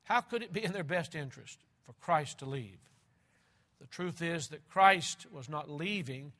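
A man preaching a sermon, reading scripture aloud and repeating key phrases slowly and with heavy emphasis, moving between loud and hushed passages. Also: on the high side, lively intonation.

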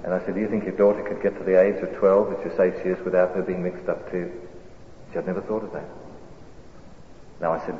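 Male preacher, low voice, animated storytelling; dull lo-fi recording in a reverberant hall. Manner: animated storyteller, swells loud on climaxes. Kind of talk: sermon storytelling. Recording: echoey hall, dull lo-fi sound, faint hiss.

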